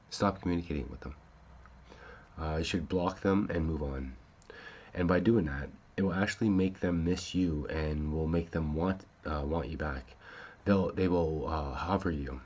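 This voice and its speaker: A man's voice: rumbling low, a little mellow, breathy edge, highs cut off. A man hosting a casual talk show, rambling with many fillers and restarts and swearing when upset. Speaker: podcast host.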